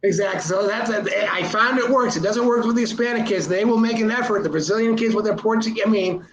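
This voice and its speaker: A man's voice: high voice, fast talker, echoey room, a little hiss or hum, poor audio. A man talking casually as a guest, rambling through anecdotes and repeating words as he goes. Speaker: interview guest, filmmaker and teacher. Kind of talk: casual conversation.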